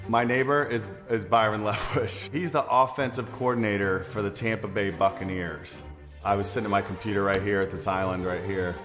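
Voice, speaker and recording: A man telling an animated personal anecdote as an interviewed local resident, acting out his reactions. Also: lowish voice, brisk, over music. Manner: lively storyteller, acts out his reactions.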